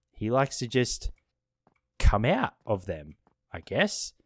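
A man playing a horror game, talking himself through it, reading notes aloud, swearing and yelling at jump scares. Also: mid-range voice, no room sound, studio quality. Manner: jumpy, swearing, screams at scares. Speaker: gaming streamer. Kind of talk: horror game let's play commentary. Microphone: desk microphone.

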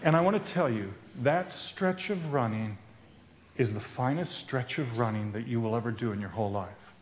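A man's voice: medium pitch, normal speed, a little hiss or hum. A man giving a sermon at a men's retreat, telling a personal story in an earnest way. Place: retreat camp meeting room. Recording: roomy echo.

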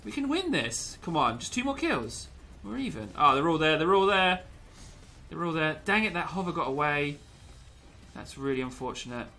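A man's voice: a little high, big pitch swings, normal speed, sharp tone. A young man commentating gameplay with a lot of energy, yelping, laughing and slipping into pirate growls.

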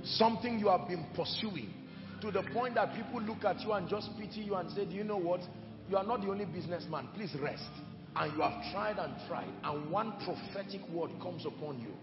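Male preacher, fiery sermon delivery, gravelly edge, dull roomy church recording. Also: high-pitched. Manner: impassioned preaching with shouted peaks. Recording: echoey hall, dull sound, music behind. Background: music.

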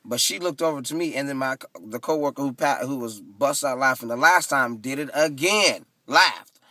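A man casually vlogging into his phone, retelling his day with lively, dramatic asides. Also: mid-range voice, moderate pace, no echo, clean studio sound, far from the mic. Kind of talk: casual storytelling vlog. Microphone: phone camera.

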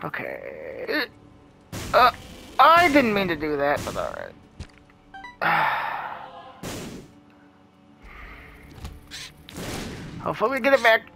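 Let's-play commentator, nervous and sweary, unhurried delivery with a bouncy, animated pitch; faint game music underneath. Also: gravelly. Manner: nervous, muttering reactions with frequent swearing. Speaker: gameplay commentator.

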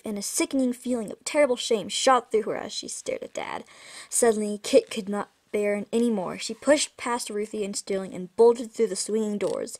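A woman reading a children's chapter book aloud in a casual way, with slips and self-corrections. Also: mid-range voice. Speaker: storybook reader.

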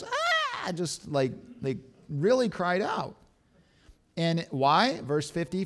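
Preaching as a pastor, this man has a voice on the high side. His sermon is lively and packed with rhetorical questions.

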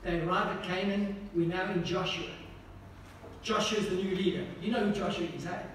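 A man preaching a sermon, often asking the congregation questions and swinging between emphatic lines and hushed ones. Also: high-pitched, fairly even intonation, fairly quick. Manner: asks the congregation repeated questions. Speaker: pastor. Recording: echoey hall from far off, faint noise.

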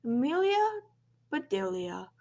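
Lady doing a school principal guy in a storybook, loud, kinda breathy. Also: high voice, very animated, slow pace, pitched above the performer's own voice, full character voice. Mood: pleased. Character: adult male school principal on the loudspeaker.

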